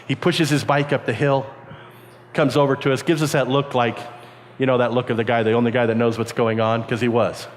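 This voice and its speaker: A man telling a lively childhood story to a youth camp, often jumping into high squeaky voices to play the kids he quotes. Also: normal speed. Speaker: camp speaker. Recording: reverberant hall.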